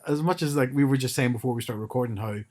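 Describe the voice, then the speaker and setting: A man's voice: medium pitch, racing, a little mellow. A man co-hosting a podcast in casual chat, rambling with frequent restarts and a wry tone. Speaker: podcast co-host.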